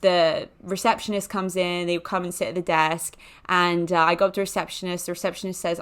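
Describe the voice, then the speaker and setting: A woman's voice: on the low side, little pitch movement, fairly quick, few pauses, clear, resonant tone. Chatty young woman telling a story. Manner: chatty, filler-heavy with jokey self-mocking asides. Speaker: podcast host. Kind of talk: casual anecdote storytelling.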